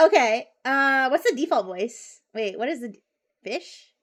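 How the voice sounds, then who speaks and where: A high-pitched woman talks to her viewers during a live stream. Her chat is bubbly and rambling, with giggles and restarts. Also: big pitch swings, unhurried, a bit bright.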